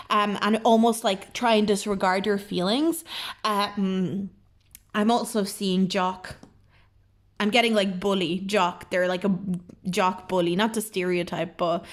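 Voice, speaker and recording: A young woman reads tarot cards for her viewers in a warm, encouraging, gushing way. She speaks at a middle pitch and fills her talk with "um" and "like". She sounds soft and sincere throughout. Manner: gentle, encouraging, effusive, with many fillers. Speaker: tarot card reader. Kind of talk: pick-a-card tarot reading.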